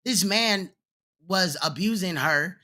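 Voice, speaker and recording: A man's voice: high-pitched, slow, bright, forceful tone. A man hosting a reaction commentary, talking bluntly and profanely and mocking the clip he plays. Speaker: commentary host.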